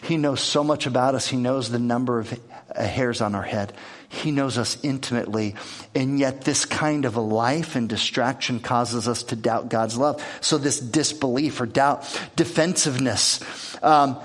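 A man's voice: medium pitch, moderate pace. A man preaching a conversational sermon, earnest, repeating words and acting out the lines he quotes. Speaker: pastor.

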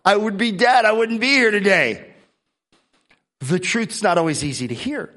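A man's voice: high-pitched, animated, normal speed, sharp tone. A middle-aged man pastor preaching a sermon, earnest, often repeating words and coughing between phrases.

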